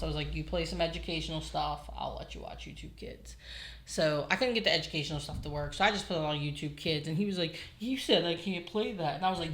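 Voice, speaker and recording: A young woman co-hosting a podcast, chatting casually, swearing and acting out her toddler in quick quotes. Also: sits low, fairly bright tone. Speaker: podcast co-host. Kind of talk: casual chat, reading listener comments.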